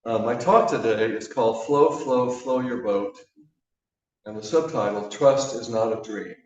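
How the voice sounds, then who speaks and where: A man giving a sermon, easygoing and anecdotal, often pausing with little fillers. His mid-range voice sounds distant and dull, swallowed in strong church-hall echo. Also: mid-range voice. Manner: relaxed, conversational storytelling with fillers. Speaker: guest speaker. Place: church sanctuary.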